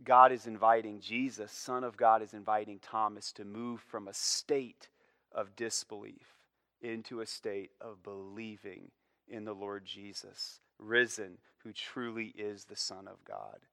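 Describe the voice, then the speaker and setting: Male pastor, sermon delivery, emphatic and earnest, bright forceful voice on a dry close mic. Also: fairly low pitch, dry recording. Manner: earnest, emphatic preaching with repeated "you see" and falling phrase ends.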